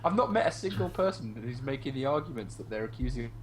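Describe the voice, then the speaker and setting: A man's voice: mid-range voice, expressive, quick pace, a little hiss or hum. A man in a casual online group discussion, talking heatedly with swearing and mocking the voices of people he argues against. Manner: heated, profane, mimics opponents in mocking voices.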